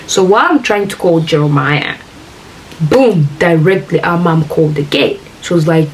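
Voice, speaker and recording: A woman's voice: on the low side, moderate pace. A woman earnestly tells a personal story to her viewers. She talks to them directly and acts out the dialogue she quotes. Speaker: vlogger. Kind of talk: emotional storytime retelling. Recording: distant mic with faint hiss.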